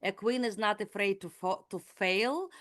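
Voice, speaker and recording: A businesswoman from Latvia, a guest on a casual podcast, talking in a lively, upbeat way with frequent fillers. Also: medium pitch, measured pace, dry recording, studio quality.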